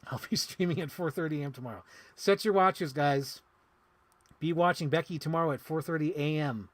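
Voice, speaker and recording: A man chatting casually on a live stream while unboxing toys, rambling and excitable with lots of "like.". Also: fairly high pitch, a little fast. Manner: rambling, excitable, heavy use of "like". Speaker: toy collector streamer.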